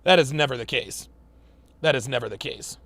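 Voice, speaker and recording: A man's voice: medium pitch, moderate pace, fairly bright tone. A man hosting a podcast, reacting to clips in blunt, profane casual commentary with lots of emphatic repetition.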